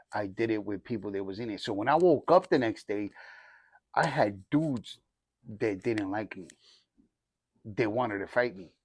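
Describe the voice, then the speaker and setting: With a fairly low, slightly mellow voice and no echo, this young man rambles through his life story as a church group testimony, informal and full of slang, often restarting his sentences.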